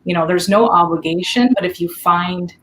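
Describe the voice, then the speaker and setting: A woman's voice: fairly low pitch, moderate pace, slight background noise, low-quality recording. A woman author on a video call, talking in long rambling sentences full of "you know". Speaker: guest author. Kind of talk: casual panel chat.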